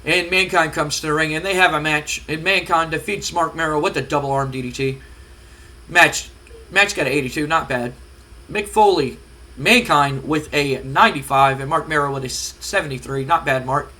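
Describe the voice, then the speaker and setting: A man's voice: a little high, normal speed, bright, forceful tone. A man hosting a casual let's-play commentary on a wrestling sim game, hesitant with many fillers. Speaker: gaming channel host.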